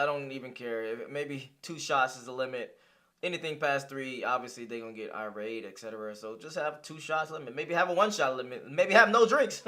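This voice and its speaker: A man's voice: medium pitch, sharp tone. A young man giving casual reaction commentary, blunt, profane and heated. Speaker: reaction streamer.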